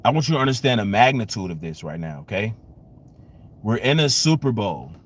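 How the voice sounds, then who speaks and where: A man hosting a live-streamed sports fan rant, exasperated and repetitive, swinging between loud outbursts and low muttering. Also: big pitch swings, brisk, slightly rough. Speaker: sports fan channel host.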